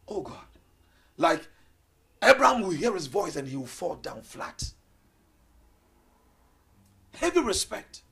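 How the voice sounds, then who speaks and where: A man preaching a sermon with passion, swinging between loud declarations and hushed low asides. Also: vocal fry, husky.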